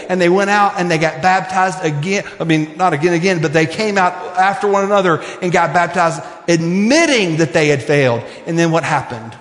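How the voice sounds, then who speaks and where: A male pastor preaching a sermon with passion, swinging from near-shouts to hushed, earnest appeals. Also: sits high, fairly quick, hardly any pauses. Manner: impassioned preaching, rising to shouts and dropping to hushed prayer. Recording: echoey hall with long reverb.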